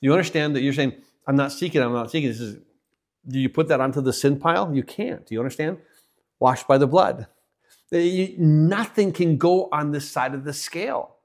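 A man preaching a sermon, telling a story with his voice rising and then dropping almost to a hush. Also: fairly high pitch, moderate pace. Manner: storytelling, voice swells and drops to near hush.

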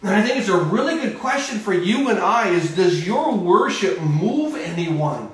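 Male pastor, high voice, mid-sermon, mic distant, heavy church reverb. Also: very animated, normal speed. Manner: preaching with sudden swings in speed and volume. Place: church sanctuary. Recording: very echoey church hall from far off.

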